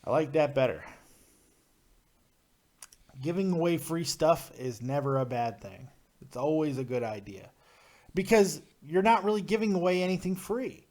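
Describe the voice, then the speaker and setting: A man with a slightly high speaking voice hosts a live call-in show. He is blunt and profane, and he launches into rants without holding back. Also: lively intonation, moderate pace, long pauses, darkish tone. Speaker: podcast host.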